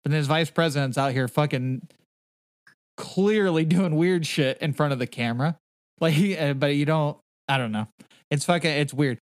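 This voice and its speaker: Male podcast host, casual and rambling, swears a lot, slightly high voice, dry close sound. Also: normal speed, no room sound. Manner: rambling, heavy swearing, fillers.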